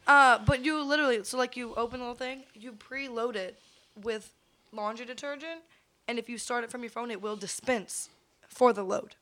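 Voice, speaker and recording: A woman's voice: fairly high pitch, moderate pace, sharp tone. A woman co-hosting a podcast in casual chat, blunt and slangy, with plenty of swearing. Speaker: podcast co-host.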